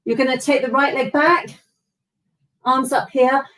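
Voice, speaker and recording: A woman's voice: sits high, fairly even intonation, unhurried, a bit bright, roomy sound, far from the mic, poor audio. Encouraging woman coaching a workout. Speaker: fitness instructor. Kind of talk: live workout class instruction. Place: home or hall workout space.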